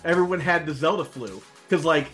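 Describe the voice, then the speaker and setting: Man, 40s, podcast host; eager storyteller, a bit high-pitched, faint music under. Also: fairly quick. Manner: enthusiastic storyteller, repeats words when excited. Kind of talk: casual chat.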